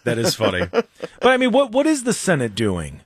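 A male talk radio host in a studio, giving opinions in an animated, sarcastic way. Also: fairly high pitch, moderate pace. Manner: animated, sarcastic, mocks others in silly voices. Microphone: studio microphone.

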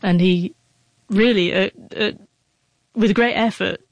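A woman's voice: mid-range voice, steady tone, takes it slowly, no echo. Woman, stutter, heartfelt interview story, dry close sound. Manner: emotional, heartfelt. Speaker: guest, author.

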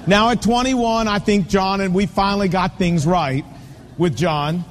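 A man's voice: sits high, unhurried, a little hiss or hum. A man in his fifties preaching a sermon, telling stories and hammering home points with repeated punchy phrases. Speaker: pastor. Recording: long reverb of a large hall.

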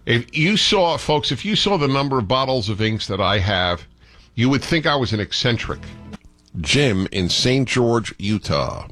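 Male radio host, opinionated, hams it up with callers, middle pitch. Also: sing-song, measured pace, fairly bright tone, soft background music. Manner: emphatic, opinionated, mock-dramatic. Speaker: radio talk show host. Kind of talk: call-in radio talk.

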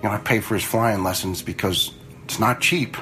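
A man's voice: on the low side, normal speed, sharp tone, soft background music, rough recording. A man in his fifties, a retired fire lieutenant, telling stories in a blunt, conversational way with some swearing. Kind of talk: casual storytelling.

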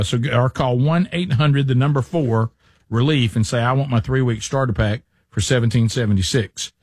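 A middle-aged man hosts a talk radio show, shifting from a sponsor read into loose, rambling stories full of restarts and fillers. His voice sits at an ordinary pitch for a man. The studio sound is dry and close. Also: dry recording. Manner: chatty storyteller, frequent restarts and fillers. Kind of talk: casual talk radio chat and live ad read.

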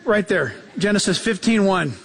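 A man preaching a sermon as pastor, telling stories in an animated way and acting out the quotes, repeating key phrases for emphasis. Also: moderate pace, vocal fry, husky, big-room sound. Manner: animated storytelling, acts out quotes with jumps in pitch.

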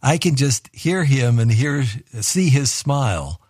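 A man's voice: medium pitch, very animated, slow, darkish tone, husky, no room sound, clean studio sound. A man hosting a call-in radio show, reading listener messages and encouraging callers in a reflective way. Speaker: radio host. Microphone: studio microphone.

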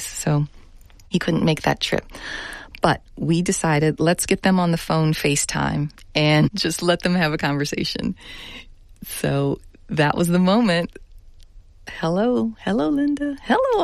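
A middle-aged woman journalist giving a thoughtful radio interview, speaking earnestly and laughing softly now and then. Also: fairly low pitch, no room sound. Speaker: journalist guest.

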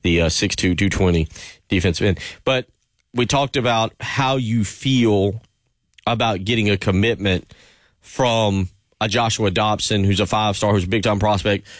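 A man's voice: fairly low pitch, moderate pace, no room sound, clean studio sound. A man hosting sports talk radio, rambling loosely with many fillers.

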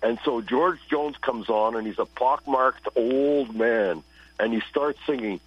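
A man's voice: mid-range voice, unhurried, slightly rough, muffled recording. A man, a blues musician and radio broadcaster, telling stories in a casual interview and acting out the people he quotes. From Toronto, Canada. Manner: animated storyteller who acts out quotes.

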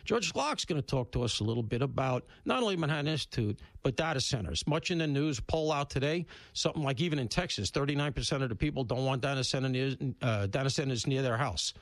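A man hosting a talk radio show, talking bluntly and casually, with loud emphatic bursts and low asides. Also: expressive, fast, hardly any pauses, no echo. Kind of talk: opinionated talk radio monologue. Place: radio studio.

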